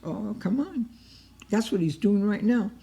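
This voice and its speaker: Mellow-voiced woman teaching the Bible. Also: mid-range voice, lively intonation, unhurried, vocal fry. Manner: emotive and repetitive, often acts out cries to God.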